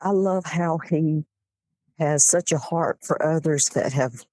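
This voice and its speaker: A woman speaking as a podcast guest in casual chat, soft and halting. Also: sits low, a little hiss or hum. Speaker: guest, wife of the guest.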